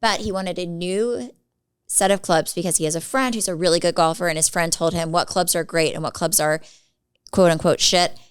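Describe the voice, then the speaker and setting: A woman in her forties co-hosting a podcast, telling animated stories in casual chat and acting out other people's lines. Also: fairly low pitch, normal speed, smooth, dry recording. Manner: animated storyteller acting out quotes. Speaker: podcast co-host.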